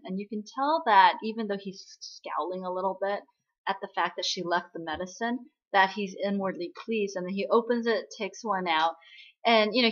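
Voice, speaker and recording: A woman's voice: mid-range voice, dull audio. A woman casually recapping a drama episode in a chatty way, often tagging on questions as she retells scenes.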